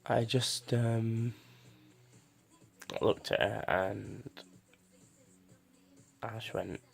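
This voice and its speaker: A young man telling a personal story to camera, halting with many restarts and fillers. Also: lowish voice, gravelly, faint music behind. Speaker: vlogger.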